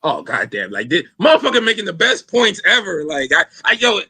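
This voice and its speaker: A man's voice: sits high, huge pitch swings, brisk, pushed and bright, husky, no echo. A man hosting a casual podcast, talking loosely in slang with lots of fillers and swearing. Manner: loose, rambling, profane slang with many fillers. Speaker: podcast host.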